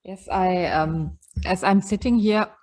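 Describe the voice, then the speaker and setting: A woman with a German accent, a retreat participant sharing softly and hesitantly with many fillers. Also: medium pitch, slow. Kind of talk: sharing in a group session.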